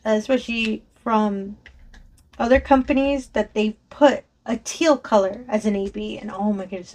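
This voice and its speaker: Brief: woman crafting vlogger, voice on the higher side, bubbly and rambling, laughs a lot, talks into a desk mic. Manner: chatty and enthusiastic, frequent laughs and self-corrections. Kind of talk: casual chat while sorting craft supplies. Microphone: desk microphone below a raised camera.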